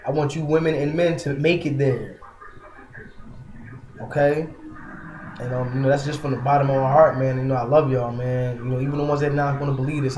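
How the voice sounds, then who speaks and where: A man preaching to his online followers in a soft, light tone that turns stern and scolding, padding his talk with casual fillers. His voice sits at a middle pitch and rings around a roomy, echoey space with faint background ambience. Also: slight background noise. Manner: soft-toned but emphatic, scolding, many fillers. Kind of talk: casual religious monologue.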